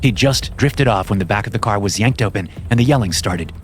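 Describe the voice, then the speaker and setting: A man narrating a horror story in a measured, steady scripted reading. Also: fairly low pitch, slight background noise.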